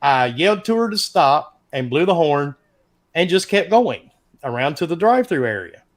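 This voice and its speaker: A middle-aged man, casually telling a profane, animated story as a podcast host. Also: a little high, moderate pace. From American South.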